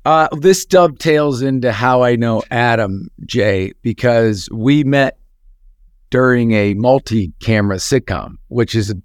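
Relaxed, reflective man, dry close sound. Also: mid-range voice, a little slow, smooth, dry recording. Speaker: podcast co-host. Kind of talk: casual chat.

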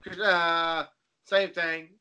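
A man's voice: a little high, little pitch movement, very slow, pushed and bright, clean tone. A man in casual chat, laid-back and swearing often, talking about cosplay.

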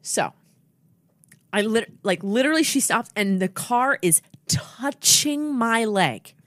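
A woman's voice: on the high side, slow pace, no echo, clean studio sound. A young woman co-hosting a casual chat, telling a story with lots of cursing and big dramatic swings. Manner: animated, profane, big dramatic swings when quoting herself.

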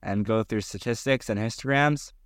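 Young man, sports podcast co-host, eager, smooth voice. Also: fairly low pitch, moderate pace, no room sound, studio quality. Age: young adult. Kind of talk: casual sports podcast chat.

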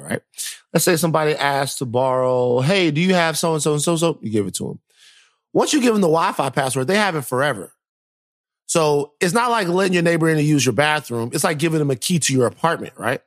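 Male podcast co-host, animated storyteller, mid pitch, dry close mic. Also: dry recording. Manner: animated storyteller, acts out quotes. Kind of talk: casual chat.

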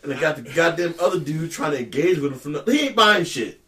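A man co-hosting a casual chat, telling profane, animated stories and acting out quotes. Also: fairly high pitch, quick pace, far from the mic.

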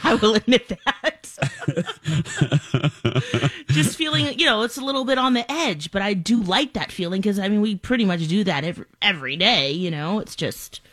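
A woman's voice: mid-range voice, expressive, normal speed, fairly bright tone. A woman co-hosting a morning show in casual chat, rambling with lots of fillers.

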